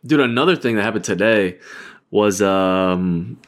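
A man's voice: fairly low pitch, a little slow. A young man in casual chat, venting animatedly and laughing, his voice jumping up when he quotes himself.

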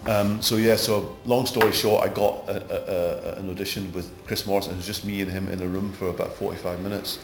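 Fast and low-pitched, with hardly a pause, a middle-aged actor from Glasgow in Scotland spins rambling anecdotes during a casual interview, getting more worked up as he goes. The background is noisy, with music and a roomy echo around his Glaswegian accent.

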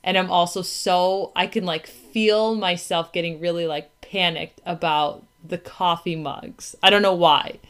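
A woman's voice: on the low side, fairly even intonation, measured pace, hardly any pauses, a bit bright, clear, resonant tone. A woman in her thirties chatting casually as a podcast co-host, filling her talk with "like" and acted-out quotes. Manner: chatty, lots of "like" and quoted asides. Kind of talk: casual chat.

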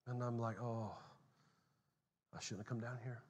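A middle-aged man preaching a sermon as pastor, telling a story animatedly, dropping to a hush and then rising loud. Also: mid-range voice, steady tone, normal speed, long pauses, breathy edge. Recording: long hall reverb.

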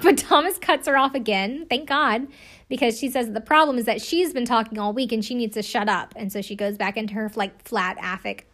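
A woman's voice: fairly high pitch, a little fast, fairly bright tone. A woman casually recapping a reality TV episode, chatty and profane, filling her talk with "like" and laughing often. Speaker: show recapper.

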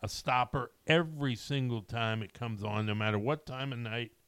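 A man's voice: medium pitch, normal speed, a bit bright, clean tone, no room sound. A middle-aged man hosting a casual movie chat, rambling with many ums and restarts. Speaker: podcast host.

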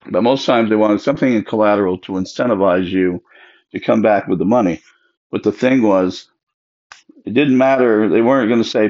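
A man's voice: lowish voice, darkish tone. A man telling family stories in a casual monologue, acting out his relatives' voices in the quoted dialogue. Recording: dull lo-fi recording.

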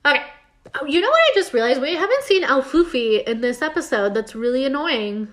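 A woman's voice: high voice, sing-song, a little fast, a bit bright. A young woman casually recapping a TV episode on a podcast, chatty and full of "like", acting out the characters' lines as she goes. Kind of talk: casual chat.

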